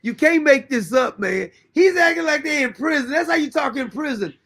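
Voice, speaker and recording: A man hosting a talk show, commenting loudly and incredulously on played clips. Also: extremely high pitch, expressive, moderate pace. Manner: incredulous, loud outbursts, frequent laughter. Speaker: show host. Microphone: streaming mic.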